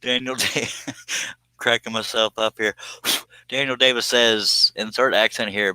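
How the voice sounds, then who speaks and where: A man chats casually to viewers on his live stream, folksy and amused by his own jokes. His voice sits a little low but sounds very bright. The sound is dry and close, with no room around it. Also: fairly even intonation, unhurried, smooth, no room sound, poor audio. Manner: folksy, self-amused, chuckles often.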